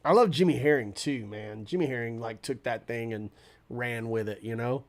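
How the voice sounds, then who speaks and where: Laid-back male streamer, congested cold voice, mid pitch, casual rambling chat with viewers. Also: normal speed. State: stuffy nose from a cold. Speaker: livestream host and guitarist.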